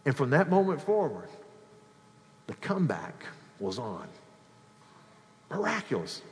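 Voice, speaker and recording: Emphatic preacher in a reverberant hall. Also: male voice, measured pace, pauses often. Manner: emphatic, rising to a high excited pitch when quoting. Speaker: pastor. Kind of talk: sermon. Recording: long reverb of a large hall.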